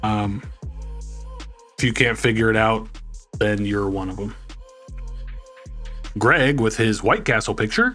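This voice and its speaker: A man's voice: lowish voice, lively intonation, takes it slowly, long pauses, pushed and bright, soft background music. A man hosting a commentary video, reading viewer comments in a sarcastic, exasperated way. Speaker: commentary channel host.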